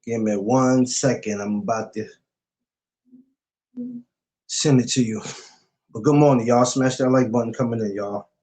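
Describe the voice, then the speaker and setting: A man's voice: mid-range voice, steady tone, measured pace, pauses often, dark tone. A man hosting a casual podcast livestream, easygoing, laughing a lot and greeting viewers. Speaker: podcast host.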